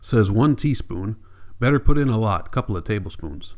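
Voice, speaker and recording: A man reading the part of a calm, practical young farm man in a level, low rural drawl. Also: normal speed, close to an everyday voice.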